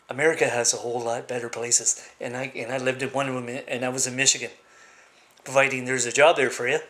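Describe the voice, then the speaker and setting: A man vlogging in a casual monologue, rambling and halting with lots of fillers and restarts, giving blunt, opinionated rants. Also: mid-range voice, little pitch movement, a bit bright.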